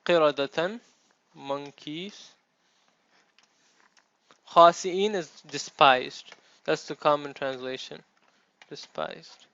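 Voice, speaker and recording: A man's voice: fairly high pitch, fairly even intonation, slow, gravelly, pauses often, bright, forceful tone, no room sound. A man teaching a classroom lecture, explaining step by step and checking in with his students. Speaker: Arabic teacher. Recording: dull, dry classroom recording.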